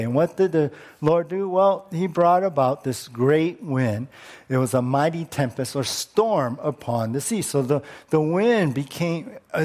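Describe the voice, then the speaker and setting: Lively male pastor preaching conversationally. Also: fairly high pitch. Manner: conversational preaching with rhetorical questions. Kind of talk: sermon.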